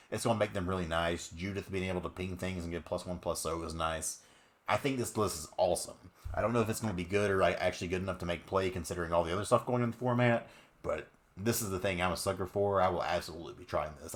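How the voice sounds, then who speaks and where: A man giving upbeat, chatty commentary on card game decks, with many fillers. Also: low-pitched. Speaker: card game content creator. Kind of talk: casual deck commentary.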